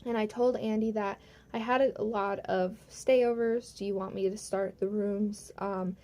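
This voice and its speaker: A woman's voice: medium pitch, fairly even intonation, a little slow, mellow. A young woman vlogging a storytime from home, retelling events heatedly with lots of swearing and "like". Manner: profane, heated retelling full of "like". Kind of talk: storytime vlog.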